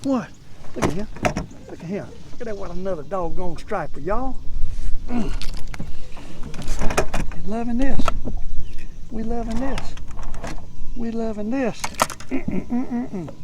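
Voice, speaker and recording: An older man with a Southern US accent giving excited, folksy commentary while fishing from a boat. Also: high-pitched, slow, long pauses, heavy background noise. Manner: excitable, folksy, talks to himself and viewers. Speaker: fishing vlogger. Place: outdoors on a boat on a lake.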